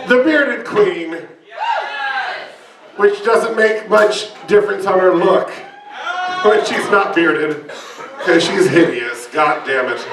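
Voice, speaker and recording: A man in drag roasting his friends before a live audience, his high voice cutting through loud crowd noise. He is bawdy and brash and shouts his punchlines. The sound is roomy and distant, as if caught from across an echoing bar function room.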